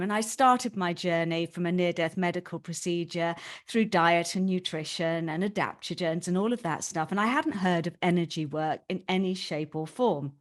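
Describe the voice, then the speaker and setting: A woman hosting a podcast, telling a personal story to her guest in a candid, emotional way and swearing casually. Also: on the low side. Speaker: podcast host.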